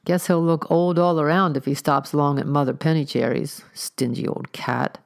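A woman reading the part of a working-class male London constable who talks slowly and mutters to himself, in a low, gravelly voice. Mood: muttering.

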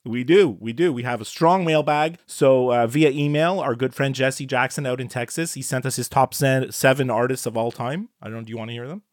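Excitable stammering man on a dry mic. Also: mid-range voice, a little fast, hardly any pauses, no room sound. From Canada. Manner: excitable, stammering restarts, laughs often. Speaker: podcast co-host. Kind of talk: casual chat.

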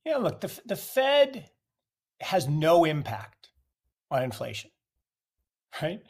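A man with a somewhat high voice delivers forceful, opinionated market commentary. He presses his points with strings of rhetorical questions and blunt declarations. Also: huge pitch swings, takes it slowly. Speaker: guest commentator.

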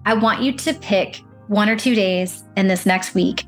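A woman's voice: medium pitch, measured pace. Encouraging woman coach with faint music. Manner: encouraging, acts out inner voices. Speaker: career break coach, guest. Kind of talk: advice-giving interview talk.

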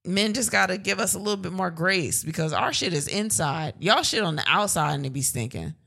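Chatty young woman, bright, lively. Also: on the low side, fairly quick, gravelly. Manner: candid, chatty, lots of "like" fillers. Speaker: podcast co-host. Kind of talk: casual chat.

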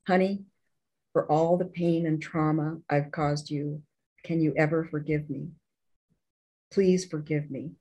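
A woman's voice: deep voice, darkish tone, poor audio. A woman telling a painful personal story in an interview, candid and earnest, often restarting her sentences. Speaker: interview guest.

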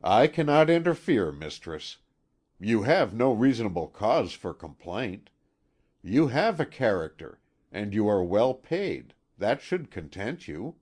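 A man's voice: on the low side, big pitch swings, a little slow, darkish tone, breathy edge, exaggerated voice. A man voicing a serious, formal husband who speaks stiffly. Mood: stern. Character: grave, serious middle-aged husband.

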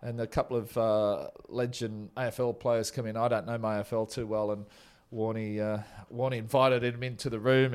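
Man, forties, casual, chatty, laid-back, interview guest. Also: mid-range voice. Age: 40s. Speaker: former teammate telling stories.

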